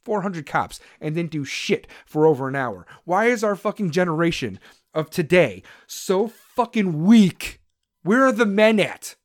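A man's voice: high-pitched, very animated, measured pace, no echo, clean studio sound. A man delivering an angry, profane rant to camera, aggressive and swearing constantly. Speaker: vlogger.

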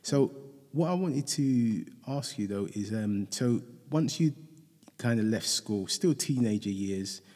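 A man hosting an interview, reflecting thoughtfully and haltingly on what his guest said. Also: medium pitch, animated, a little mellow, long reverb tail. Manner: thoughtful, halting, with many restarts. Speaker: podcast host.

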